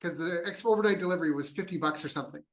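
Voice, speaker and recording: A Canadian podcast host, a man with a somewhat high voice, leans into conversation. He wanders into personal stories, breaking off and restarting his sentences as he asks his guest questions. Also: rapid-fire, poor audio. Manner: rambling, tells anecdotes, self-interrupting.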